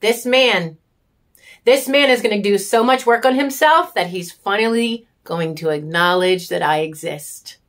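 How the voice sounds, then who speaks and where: A woman's voice: mid-range voice, measured pace, a bit bright. Raw, intense woman venting. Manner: raw and intense, with frequent swearing; repetitive emphatic phrasing. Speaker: vlogger sharing her story. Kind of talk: emotional personal monologue.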